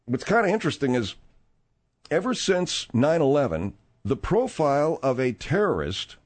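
A middle-aged man hosts a talk-radio show with a lively, swooping delivery. He rambles through stories in a casual way, full of fillers and asides. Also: medium pitch, moderate pace. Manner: rambling and animated, with frequent fillers.

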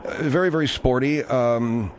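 A man hosting a call-in radio show, talking in a halting, placating way with many fillers. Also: mid-range voice, slight background noise. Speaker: radio talk show host.

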